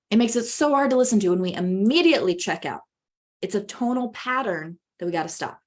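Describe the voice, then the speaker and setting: Leading a public-speaking webinar, she talks in a lively way, her pitch rising and falling dramatically to stress points.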